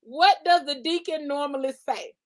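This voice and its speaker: A woman chats in a relaxed, playful way and laughs often. Her voice sits high. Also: moderate pace, rough recording. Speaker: guest. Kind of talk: casual chat.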